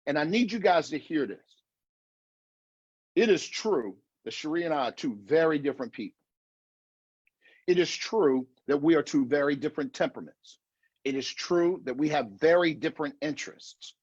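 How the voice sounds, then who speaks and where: A man's voice: a little high, lively intonation, normal speed, long pauses, breathy edge, no room sound, lo-fi sound. A middle-aged man giving an earnest online conference talk, repeating phrases for emphasis and restarting often, heard over a video call. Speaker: marriage conference speaker.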